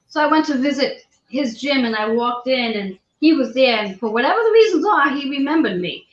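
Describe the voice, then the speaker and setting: A woman hosting a casual chat, telling a story with lively, acted-out quotes. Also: high voice, a little fast, hardly any pauses. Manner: animated storyteller, acts out quoted voices. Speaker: host. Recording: roomy, dull lo-fi sound.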